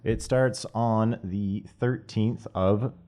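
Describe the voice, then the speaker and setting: A man guesting on a comedy podcast, relaxed and hesitant with many fillers. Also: lowish voice, slow. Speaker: improv guest. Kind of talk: casual podcast chat.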